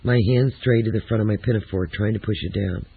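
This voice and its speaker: Gravelly, husky male memoir narrator. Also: on the low side, steady tone, a little fast, no room sound. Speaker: audiobook narrator. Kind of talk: first-person memoir narration. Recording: tinny, lo-fi phone-like audio.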